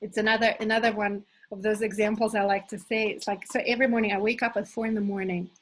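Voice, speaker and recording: A middle-aged woman leading a live motivational workshop as a coach, enthusiastic and animated, talking to her listeners as "you guys". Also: medium pitch, quick pace, low-quality recording. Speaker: manifestation coach hosting an online challenge.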